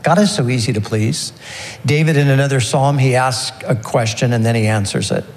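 A man preaching a sermon, earnest and unhurried, slowing down and pausing to press his points. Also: mid-range voice, in a large hall. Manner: earnest, warm preaching with slow emphatic pauses. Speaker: pastor.

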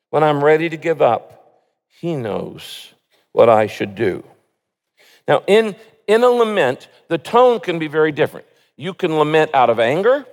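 A man with a fairly high voice delivers an earnest sermon, reading prayers and scripture with swelling emphasis. His voice carries a long reverb, as if filling a large church hall. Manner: earnest preaching, reads scripture with rising emotional emphasis. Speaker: pastor.

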